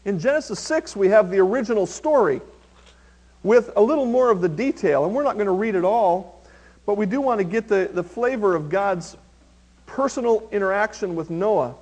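A male pastor preaching a sermon, reading scripture slowly and with emphasis, then talking plainly to his congregation. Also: high-pitched, expressive, a little mellow.

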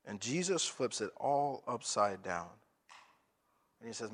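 A man's voice: medium pitch, expressive, measured pace, husky. Emphatic man preaching a sermon. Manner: emphatic, with rhetorical questions and restarts. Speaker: pastor.

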